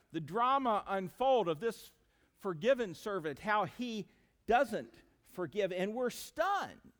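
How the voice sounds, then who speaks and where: A man preaching a sermon in a fairly high voice that swings widely in pitch. He leans into emphatic rises and sudden drops, speaking straight to the congregation. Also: fairly bright tone. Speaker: pastor.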